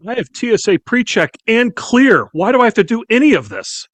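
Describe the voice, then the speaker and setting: A man's voice: very high-pitched, big pitch swings, fairly quick, dry recording. A man on a podcast panel, grumbling through his complaints. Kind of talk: roundtable chat.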